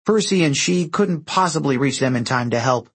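Male audiobook narrator, expressive, husky tone, animated intonation. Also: mid-range voice, normal speed. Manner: expressive reading, voicing each character. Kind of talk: scripted narration.

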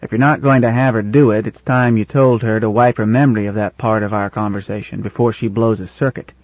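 A husky-voiced man playing a wry, worldly senior man in an audiobook, dry, gently teasing and fatherly. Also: fairly low pitch, fairly even intonation, a little fast, no room sound, muffled recording, natural voice.

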